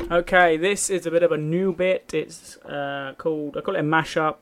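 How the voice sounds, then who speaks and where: A young man from England chats through his comedy podcast in a loose, rambling way, peppering it with swearing and quick laughs at his own jokes. His voice sits slightly high for a man. A steady noise runs clearly underneath. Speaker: podcast host. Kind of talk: casual comedy podcast monologue.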